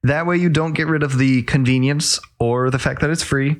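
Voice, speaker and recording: A man co-hosting a casual gaming podcast, explaining his ideas in an animated, lively way with some casual swearing. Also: medium pitch, moderate pace. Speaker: podcast co-host. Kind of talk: casual chat.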